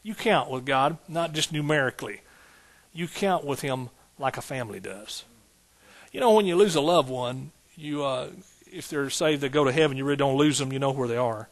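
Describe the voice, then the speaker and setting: A man's voice: medium pitch, animated, normal speed. A man preaching a sermon as pastor, building points through rhythmic repetition and folksy asides.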